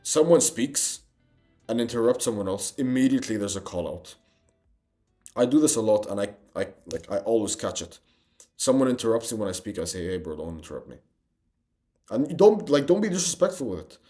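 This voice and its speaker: A man's voice: mid-range voice, animated, fairly quick, dark tone, faint music behind. A young man giving a motivational self-improvement monologue, intense and emphatic, swearing and calling the listener bro.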